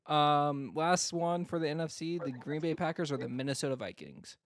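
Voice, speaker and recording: A man's voice: fairly high pitch, normal speed. A man co-hosting a casual sports podcast, teasing his co-host, joking, and laughing easily.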